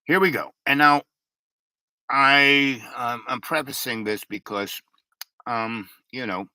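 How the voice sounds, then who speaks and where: A man's voice: mid-range voice, slow, bright, forceful tone, clean tone, no echo. A middle-aged man telling a meandering personal story, full of fillers and restarts. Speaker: vlogger. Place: lives in a converted school bus.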